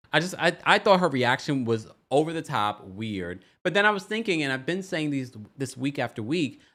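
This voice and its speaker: A man hosts a casual live-stream recap of a reality show, chatty and playful, reading viewer comments and slipping into quick quoted voices. His voice is mid-range and a bit bright.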